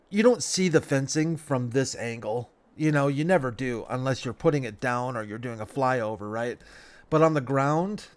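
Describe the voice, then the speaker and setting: A man, sounding stuffed up, giving relaxed, rambling commentary over a game as a let's play host, talking half to himself with folksy phrases. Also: mid-range voice. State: stuffed up nose. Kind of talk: casual gameplay commentary.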